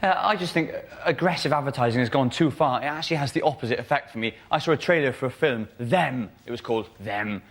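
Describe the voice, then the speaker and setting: A man's voice: mid-range voice, fast, few pauses. A man doing a rambling, self-deprecating stand-up bit on a comedy panel show. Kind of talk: stand-up routine. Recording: noisy studio.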